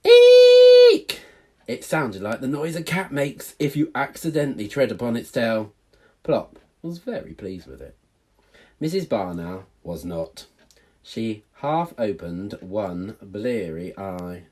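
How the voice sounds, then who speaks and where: A male teacher reading a storybook aloud to children in a playful, animated way. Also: fairly low pitch, measured pace.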